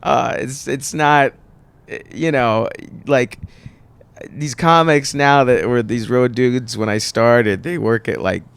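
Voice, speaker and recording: A man's voice: mid-range voice, slow, creaky, clear, resonant tone. A man, a comedian and actor, chatting loosely on a podcast, swearing and laughing often. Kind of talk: casual podcast chat.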